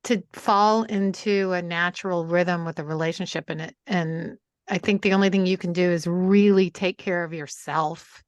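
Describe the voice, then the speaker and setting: A middle-aged woman co-hosting a podcast, giving gentle advice with halting restarts. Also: fairly low pitch, fairly even intonation, smooth, no echo. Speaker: podcast co-host. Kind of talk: conversational interview.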